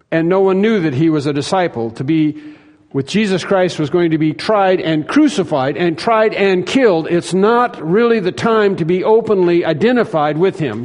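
Pastor, homem, sermão enfático, voz meio aguda, salão reverberante. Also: male voice, high voice, darkish tone. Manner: emphatic, repeats phrases for stress, acts out quoted lines. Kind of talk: sermon.

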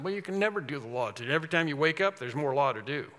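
A man preaching a sermon, earnest and emphatic, circling back to repeat his key phrases. His voice sits high and sounds bright and forward. It rings out with a long reverb, as in a large hall. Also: lively intonation, fast talker, few pauses.

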